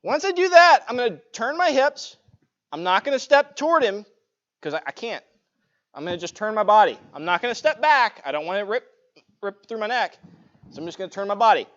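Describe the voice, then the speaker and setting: A man's voice: high voice, very animated, fairly quick, a bit bright. A man teaching a live-streamed self-defense class, talking casually and checking in with "right?" as he demonstrates. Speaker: martial arts instructor. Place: martial arts studio. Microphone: clip-on mic, sometimes knocked off. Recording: dull lo-fi livestream audio.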